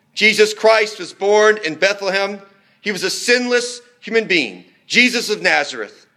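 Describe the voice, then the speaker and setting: A man preaching a sermon in an earnest, measured way, slowing down for emphatic phrases. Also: sits high, sharp tone.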